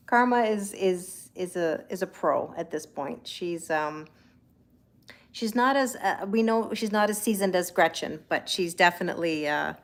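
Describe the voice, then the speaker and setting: Streaming a tarot session live from home, this woman talks easily with her audience, reading out and replying to their comments. She also coos at her cats in high-pitched baby talk.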